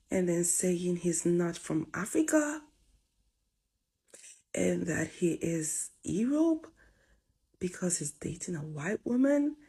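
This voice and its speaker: A woman's voice: on the low side, mellow, slightly rough. A woman giving emphatic reaction commentary, at times half-whispered.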